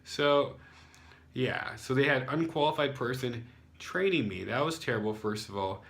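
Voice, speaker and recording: Young american dude venting about old jobs, rambly, lots of "like" and "you know". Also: male voice, medium pitch, normal speed, a bit bright. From United States. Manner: rambling, frequent fillers, sarcastic asides. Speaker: English teacher. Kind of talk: casual storytelling vlog.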